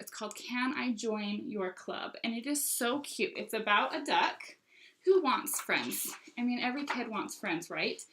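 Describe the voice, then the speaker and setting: Bright, gushing young woman. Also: mid-range voice, rough recording. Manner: gushing, enthusiastic. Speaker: book consultant showing books. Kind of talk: casual product show-and-tell.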